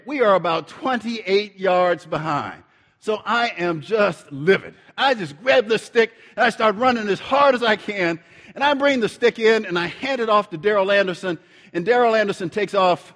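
Animated man preaching through a story. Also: high voice, in a large hall. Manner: animated storyteller, acts out dialogue. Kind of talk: storytelling sermon.

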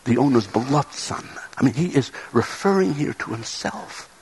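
A man's voice: medium pitch, lively intonation, moderate pace, a little mellow, slightly rough, rough recording. A man preaching a sermon in an earnest way, often repeating words as he builds a point.

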